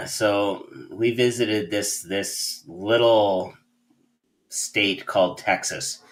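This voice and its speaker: A man from Canada telling a short story on a live-stream chat, dry and deliberate. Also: on the low side, steady tone, low-quality recording. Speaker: hypnotist co-host.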